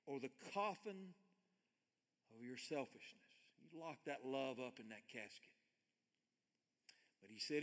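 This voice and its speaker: An older man preaching a sermon with earnest emphasis, shifting between loud stressed readings and hushed quiet lines. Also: mid-range voice, expressive, measured pace, long pauses, long reverb tail. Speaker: pastor.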